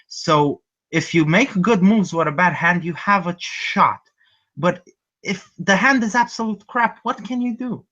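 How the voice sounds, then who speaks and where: A man talking as a guest in a casual online group chat, quick and stammering, with sarcastic quips. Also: high-pitched, lively intonation, sharp tone. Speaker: guest panelist. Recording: muffled lo-fi video-call audio.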